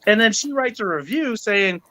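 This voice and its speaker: A man with a noticeably high voice hosts a casual podcast chat. He tells a long grievance story with lots of energy, acting out everyone he quotes and cursing freely. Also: normal speed, no echo, poor audio. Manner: animated, acts out quoted people, swears. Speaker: podcast host.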